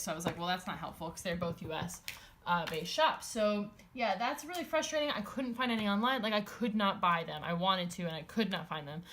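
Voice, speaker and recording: A woman's voice: medium pitch, a bit bright, slight background noise. A woman in a casual chat, showing off a stationery haul, rambling with many fillers and restarts, and gushing over the items.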